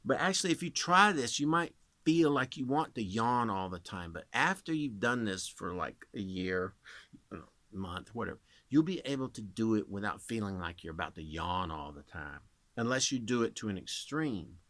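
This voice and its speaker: A man in his thirties rambles casually to camera, explaining voice tricks as a working voice actor. His pitch swings widely as he talks. The recording is close and dry. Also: expressive, moderate pace, sharp tone, no echo.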